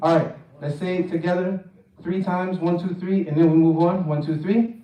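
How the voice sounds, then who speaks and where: A man's voice: sits high, fairly even intonation, moderate pace, crowd noise. A man teaching a tajweed class, drilling pronunciation and chanting verses for the group to repeat. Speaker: Quran recitation teacher. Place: mosque hall. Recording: echoey hall, mic at a distance.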